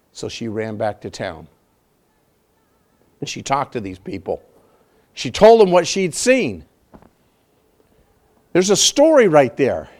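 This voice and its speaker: A man preaching a sermon, telling a story with animated energy and acting out its scenes. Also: high voice.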